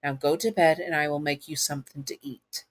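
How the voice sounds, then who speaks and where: Brahms, a woman voicing a soft menacing masked man. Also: deep voice, fairly even intonation, fairly quick. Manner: soft-spoken, deadly serious.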